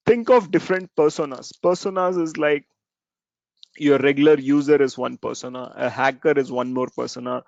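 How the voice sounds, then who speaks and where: A man giving an informal talk on software testing, conversational, with frequent fillers and tag questions. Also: on the high side, creaky, no echo. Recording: dull, slightly lo-fi dry recording.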